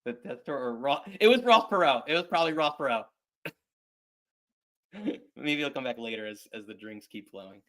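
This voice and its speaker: Guy hosting a wrestling hangout show, middle pitch, keeps restarting his sentences. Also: expressive, fairly bright tone. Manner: rambling, halting, many restarts. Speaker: podcast host. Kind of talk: casual chat.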